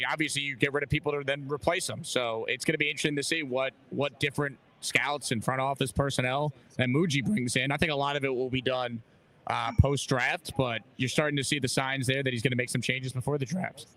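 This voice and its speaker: A man's voice: medium pitch, a bit bright. A man hosting a live sports radio call-in show, talking in an upbeat, chatty way from a busy radio row.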